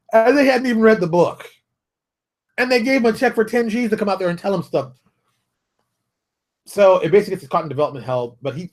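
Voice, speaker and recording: A middle-aged man hosting his own games industry show, talking in an emphatic, ranting way, repeating himself and acting out quotes. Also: on the high side. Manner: emphatic, rants, repeats phrases, acts out quotes. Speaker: host of a daily tabletop games industry show. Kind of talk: casual solo monologue.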